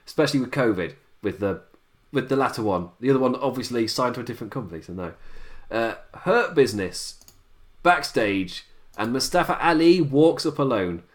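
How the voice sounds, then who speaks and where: A man talks through a wrestling show in a loose, rambling livestream style, his voice tired from a late night. He laughs often at his own remarks. His pitch sits in an ordinary middle range. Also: animated, normal speed. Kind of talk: casual livestream commentary.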